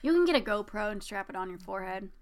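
A woman's voice: medium pitch, animated, fast talker. A young woman co-hosting a casual podcast, retelling events with lots of "like" and quoted voices. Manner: rambling, filler-heavy retelling with quoted voices. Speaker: podcast co-host. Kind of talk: casual chat.

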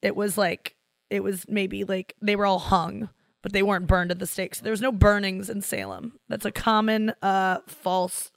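A comedian in her thirties chats casually on a podcast, telling stories with animation and acting out the voices of people she quotes. Her voice is medium-pitched and creaky at a moderate pace, captured in clean studio sound with no echo.

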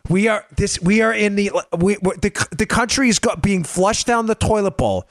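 A man's voice: high-pitched, expressive, normal speed, no echo. A male podcast host giving political commentary, exasperated and sarcastic, rambling with restarts at a close mic.

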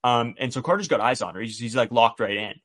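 A man co-hosting a casual podcast, retelling a night out in a chatty, animated way. He switches into quoted dialogue as he goes and keeps his voice conversational at a mid pitch. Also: quick pace. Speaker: podcast co-host. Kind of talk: casual storytelling chat.

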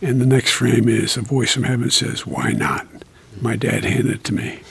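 An older man as an interview guest, speaking slowly and haltingly with many fillers while reflecting on grief. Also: mid-range voice, level tone. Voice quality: gravelly, husky. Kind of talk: reflective conversation about grief.

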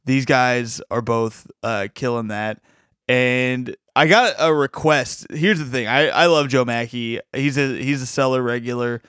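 A man co-hosting a casual podcast, speaking with an enthusiastic, rambling flow full of restarts. His voice is smooth and resonant at a medium pitch. The recording is dry and close, with no room sound. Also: fairly even intonation, measured pace, a bit bright, no echo. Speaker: podcast co-host.

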